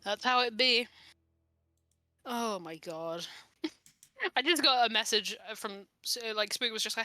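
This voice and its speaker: A woman's voice: fairly high pitch, slow pace, pauses often, bright, forceful tone, no echo. A woman co-hosting a stream in casual chat, making dry, teasing remarks. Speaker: stream co-host.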